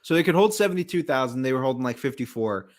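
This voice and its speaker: A man's voice: medium pitch, expressive, fast talker. A man casually recapping a wrestling match, telling it as a story, acting out quotes and laughing often. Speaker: podcast co-host.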